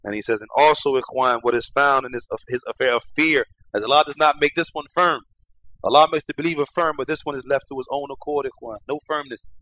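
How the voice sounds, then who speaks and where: A man giving an Islamic lecture who reads Arabic passages quickly, then explains them in English, often repeating his phrases. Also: medium pitch, sharp tone, poor audio. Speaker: religious lecturer.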